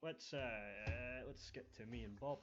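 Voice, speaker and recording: A man's voice: medium pitch, takes it slowly, a loud crowd. A man with a Scottish accent telling stories in a casual podcast chat, with lots of ums and uhs. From Scotland. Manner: relaxed storytelling with many fillers. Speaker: podcast co-host. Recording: dull lo-fi audio.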